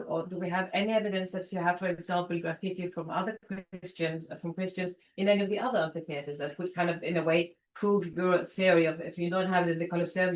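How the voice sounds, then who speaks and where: Woman audience member asking a rambling question, quick, echoey room. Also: lowish voice, a little hiss or hum. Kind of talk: academic Q&A.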